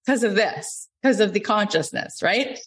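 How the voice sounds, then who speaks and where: A middle-aged woman from Florida, a business coach telling a personal story, animated and acting out quoted lines. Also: unhurried, slightly rough. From Florida, USA. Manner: animated, acts out quotes with big pitch jumps. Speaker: business coach and podcast host. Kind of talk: storytelling lesson.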